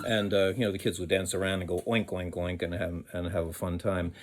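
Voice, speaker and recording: A man's voice: sits low, little pitch movement, a little fast, over loud music. A man, a children's musician, telling a story in a rambling, hesitant way with many fillers. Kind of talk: casual storytelling with sung song.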